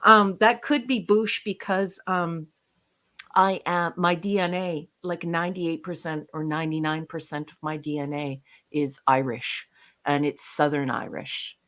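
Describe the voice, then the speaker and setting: A woman's voice: sits low, steady tone, a little slow, a bit bright. A woman from Canada co-hosting a livestream in casual chat, reading viewer comments aloud and laughing often. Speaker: livestream co-host.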